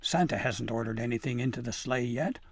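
A man voicing a grumpy old male elf foreman in a storybook, speaking gruffly and slowly. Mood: grumbling. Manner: gruff, slow, booming.

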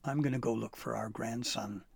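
A man doing a gruff stubborn old grandpa. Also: mid-range voice, steady tone, normal speed, dry recording, clean studio sound. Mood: defiant. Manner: gruff, muttering to himself.

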